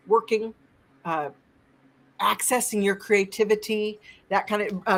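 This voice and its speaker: Enthusiastic woman rambling about crystals. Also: mid-range voice. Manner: enthusiastic, rambling, many restarts. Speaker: crystal expert guest. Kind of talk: live stream chat, explaining crystals.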